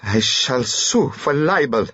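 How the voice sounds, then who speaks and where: A man voicing an oily, fawning male foreign blackmailer in an audiobook, with a shrill, wailing manner. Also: sing-song, slow pace, fairly bright tone, husky, no echo, highs cut off, exaggerated voice. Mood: cold.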